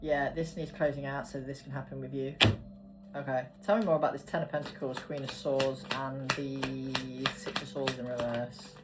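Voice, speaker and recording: A woman's voice: a bass voice, steady tone, moderate pace. A woman giving a casual tarot card reading, chatty and swearing casually as she talks. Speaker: tarot reader. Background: background music.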